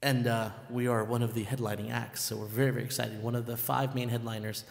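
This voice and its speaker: A man hosting a live music stream, chatting casually and telling stories in an animated, excitable way, full of "I'm like" and the odd curse. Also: medium pitch, fast talker, gravelly. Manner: animated, excitable storyteller who keeps saying "I'm like" and curses at times. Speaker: live music show host and band member. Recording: echoey room with long reverb.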